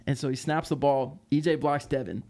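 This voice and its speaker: A man telling a tour story as a podcast guest, lively and laughing, with lots of fillers. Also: mid-range voice, fairly quick. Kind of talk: casual storytelling.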